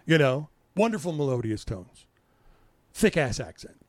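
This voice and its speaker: A man's voice: on the high side, sing-song, a little slow, no echo. A man co-hosting a podcast with his wife, joking and swearing freely in casual chat. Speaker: podcast co-host.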